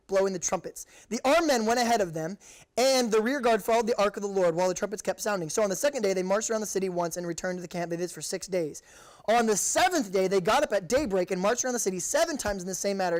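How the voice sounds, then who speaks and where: A young man preaching to high school students in a casual, joking way, reading scripture and acting out the people in it. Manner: jokey, conversational, acts out quotes. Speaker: youth pastor. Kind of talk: casual youth sermon.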